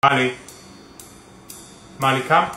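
A woman calling for her pet dog over and over, with drawn-out calls. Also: extremely low pitch, steady tone, over music. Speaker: pet owner.

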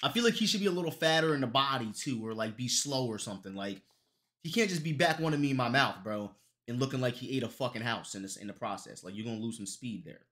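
Young man, live-stream chat, bright and forceful voice, cussing and joking, loud high-pitched outbursts. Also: animated, quick pace. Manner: profane, loose and joking.

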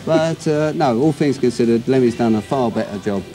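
A man's voice: medium pitch, fairly quick, over music. A man, a guest musician who jokes and laughs through a loose interview. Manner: wisecracking, laughs often. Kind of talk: joking interview banter.

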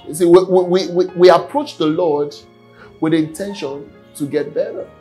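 A man's voice: on the high side, normal speed, warm tone, faint music behind, rough recording. A man preaching a sermon earnestly, often repeating his words. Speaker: pastor. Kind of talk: sermon teaching.

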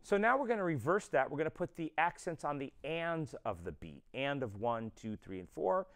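A man's voice: a little high, very animated, normal speed. A man teaching a drum lesson, explaining step by step and counting beats aloud. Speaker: drum instructor.

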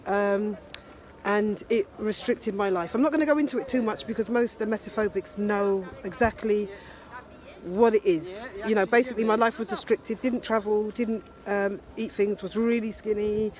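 A woman in her fifties recording a personal video diary on her handheld phone, talking in a heartfelt, halting way with many fillers. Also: medium pitch, fairly even intonation, a little mellow. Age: 50s. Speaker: video diarist. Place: ski resort and restaurant abroad.

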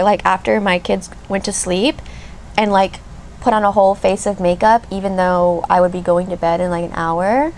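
A creaky, darkish, mid-range voice belongs to a beauty vlogger in her thirties, heard over slight background noise. She does her makeup while rambling and gushing through a chatty get-ready-with-me vlog, leaning on lots of fillers.

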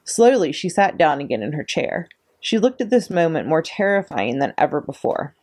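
Low-voiced woman reading a story. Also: normal speed. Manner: expressive, steady storytelling. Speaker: children's librarian. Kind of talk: storybook read-aloud.

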